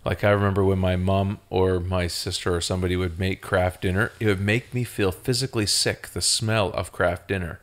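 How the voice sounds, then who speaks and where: A man's voice: sits low, steady tone, a little fast, few pauses. A man telling rambling, playful stories in casual chat as a podcast co-host.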